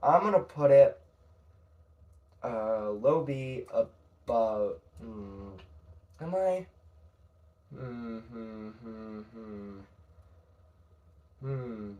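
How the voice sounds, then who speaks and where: Young man, unhurried pace, rambling, hesitant, casual swearing, solo talk. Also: medium pitch, animated, lo-fi sound. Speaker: podcast narrator.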